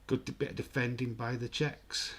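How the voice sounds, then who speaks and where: A man giving casual, excitable live football commentary and reading out viewer comments. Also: medium pitch, normal speed, breathy edge. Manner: chatty, excitable, reads viewer comments aloud. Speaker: host of a live football watch-along.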